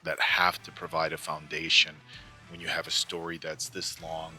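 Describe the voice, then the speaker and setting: Deep-voiced man in his forties, rambling earnestly. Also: monotone, normal speed, bright, forceful tone, soft background music. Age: 40s. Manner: rambling, earnest, lots of fillers and restarts. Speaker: movie reaction host. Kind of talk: casual chat.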